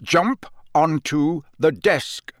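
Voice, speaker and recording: A man voicing a gruff, paranoid old male wizard teacher who growls out slow, loud commands. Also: fairly high pitch, animated, dry recording, clean studio sound, pitched above the performer's own voice. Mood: commanding.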